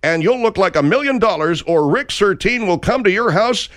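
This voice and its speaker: Man doing a salesy menswear announcer, slow, drawn-out delivery. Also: high voice, animated, fairly bright tone, no room sound, studio quality, voice pushed up. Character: smooth male menswear ad announcer.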